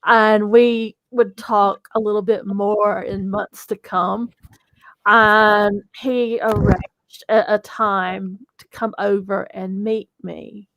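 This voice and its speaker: A woman's voice: mid-range voice, flat delivery, takes it slowly, a bit bright, no room sound. A woman, a company co-founder telling a chatty, giggly story in an interview.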